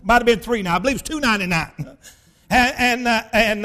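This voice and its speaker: High-voiced preacher telling stories. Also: male voice, brisk. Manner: folksy, emphatic, bursts into shouting. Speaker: pastor. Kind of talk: storytelling sermon.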